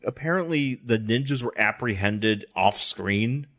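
A man's voice: lowish voice, animated, unhurried, fairly bright tone. A man co-hosting a casual comedy podcast, rambling and joking, with lots of restarts. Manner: rambling, restarts, jokey quoted voices. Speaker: podcast co-host.

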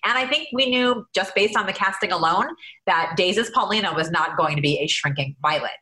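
A woman's voice: mid-range voice, fairly quick, pushed and bright, poor audio. A woman co-hosting a podcast, gushing with admiration about a guest. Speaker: podcast co-host. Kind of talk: enthusiastic podcast intro.

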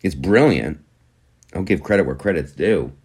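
Male political talk host, low voice that swings widely, scornful and foul-mouthed. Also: animated, moderate pace, a little mellow, husky. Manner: sarcastic, profane, mocks opponents in put-on voices. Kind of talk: casual profane political commentary.

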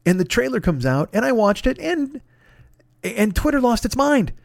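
A man's voice: very high voice, big pitch swings, moderate pace, creaky, no room sound, studio quality. A man hosting his own podcast, ranting in a profane, sarcastic solo comedic monologue. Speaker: podcast host.

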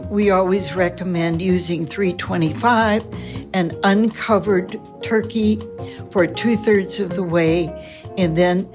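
A woman from a turkey advice hotline recounting a call and giving cooking advice in a calm, measured way. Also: on the low side. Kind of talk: anecdote and advice in an interview.

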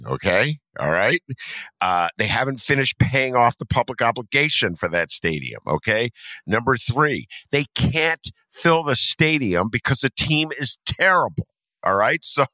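A man hosting a podcast, talking in a loose, sarcastic and animated rant about local news. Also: medium pitch, normal speed, dry recording. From Chicago. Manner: animated, sarcastic ranting with laughs. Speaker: podcast host. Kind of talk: casual commentary monologue.

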